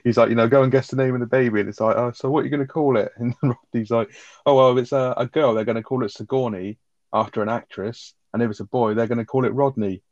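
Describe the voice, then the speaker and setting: Fast-talking man, lo-fi sound. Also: mid-range voice, fairly even intonation, a little mellow, no echo. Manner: rapid, full of fillers like 'like', swears, quotes characters. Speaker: podcast co-host. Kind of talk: casual chat reviewing a sitcom episode. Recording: dull lo-fi dry sound.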